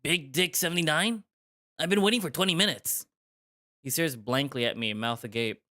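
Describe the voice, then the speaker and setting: A man's voice: fairly high pitch, moderate pace, pushed and bright. A man reading a visual novel aloud and voicing its nervous young adult male protagonist in a raised, eager voice. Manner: eager, slightly flustered delivery.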